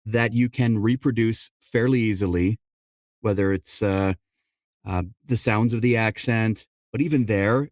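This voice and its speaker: A middle-aged man, an audiobook narrator and dialect coach, answering interview questions in an explanatory way, often quoting people in quick asides. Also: on the low side, a little mellow, no echo, studio quality.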